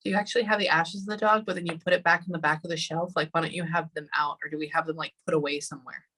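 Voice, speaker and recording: Bright-voiced woman giving a psychic reading. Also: low voice, fairly even intonation, low-quality recording. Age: 30s. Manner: halting, thinking aloud, many hold-ons. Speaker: psychic medium. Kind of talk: spirit reading session.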